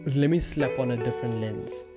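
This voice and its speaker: Young man, casual self-deprecating vlog chat, mid pitch, roomy space with music bed. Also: brisk. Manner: chatty, self-deprecating, joking. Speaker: vlogger. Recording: roomy room with background music. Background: soft guitar music.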